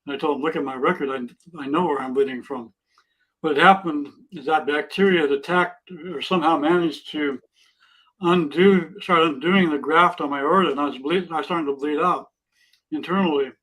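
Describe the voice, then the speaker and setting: A man in his sixties with a fairly high voice, talking earnestly and plainly as a guest on a casual podcast. He sounds sincere and unhurried. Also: a bit bright, breathy edge, rough recording. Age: 60s. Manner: earnest, plainspoken, speaks of faith. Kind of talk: casual interview chat.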